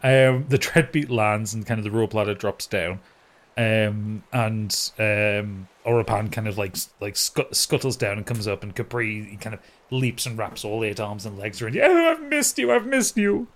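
A man narrating a tabletop game as game master, relaxed, with many ums as he describes the scene. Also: on the low side, moderate pace.

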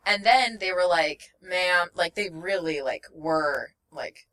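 Bright-voiced young woman telling a rambling story. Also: on the low side, lively intonation, unhurried, recorded from a distance. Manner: rambling, full of fillers, laughs often, acts out quotes. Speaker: guest. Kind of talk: casual storytelling chat.

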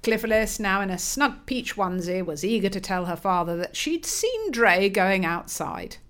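A woman's voice: mid-range voice, big pitch swings, moderate pace, a bit bright. A woman narrating a comic story with a straight face.

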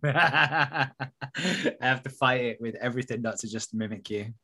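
A man's voice: mid-range voice, normal speed, bright, forceful tone. A man hosting a podcast, chatting with friends in a jokey way and laughing often. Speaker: podcast host. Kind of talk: casual chat among friends.

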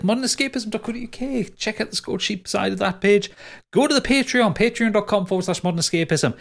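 A man hosting as game master, wrapping up the episode in a rambling, laughing way and swearing casually. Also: fairly high pitch. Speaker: game master and podcast host. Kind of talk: casual podcast outro and plugs.

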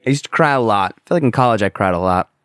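A man's voice: fairly low pitch, animated, very fast, a bit bright, smooth, dry recording, studio quality. A young man hosting a solo podcast, talking candidly and rambling, with casual swearing. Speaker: podcast host.

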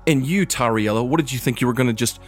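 A man's voice: medium pitch, fast, soft background music, pitched above the performer's own voice, natural voice. A man doing a cruel, mocking sorceress. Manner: mocking, condescending. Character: scheming sorceress sister, cold and cruel.

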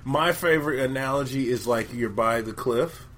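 A man's voice: medium pitch, moderate pace, fairly bright tone. Playful joking man co-hosting. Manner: playful, joking, slangy banter. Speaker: podcast co-host. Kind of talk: casual comedic sports chat. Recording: faint background noise.

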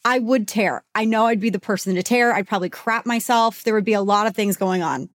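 A woman's voice: medium pitch, fairly quick, no echo, studio quality. A woman co-hosting a podcast in a frank, joking casual chat. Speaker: podcast co-host.

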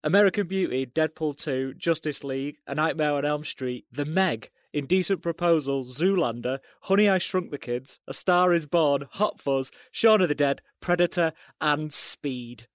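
Chatty co-host, dry close sound. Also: male voice, on the high side, dry recording. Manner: chatty, quick to laugh. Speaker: podcast co-host. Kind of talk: casual film podcast chat.

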